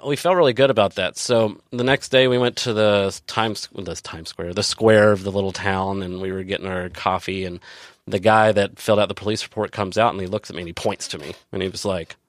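A man speaking as a guest in a relaxed, storytelling way. His voice sits low and he rambles, stopping and restarting often. The sound is dry, with no room echo. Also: a little fast. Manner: rambling, many fillers and restarts. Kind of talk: casual storytelling.

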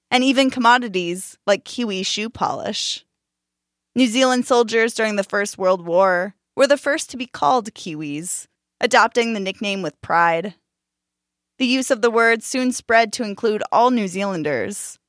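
A woman narrating a scripted story in a calm, measured and expressive way. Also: on the high side, no echo, studio quality.

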